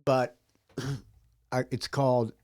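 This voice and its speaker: A man's voice: medium pitch, little pitch movement, extremely slow, a little mellow, no room sound, studio quality. A man hosting a music podcast, chatting in a loose, rambling, laid-back way while sipping beer. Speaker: podcast host reading music news. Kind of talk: loose, rambling casual chat.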